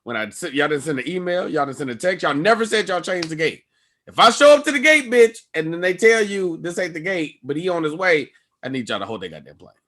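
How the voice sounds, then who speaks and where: Male comic guest, slightly high voice, bright and forceful, spins a profane story full of voices. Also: big pitch swings, a little fast. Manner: profane, acts out people's lines with big jumps in pitch and loudness. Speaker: stand-up comedian guest. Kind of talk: animated storytelling on a podcast.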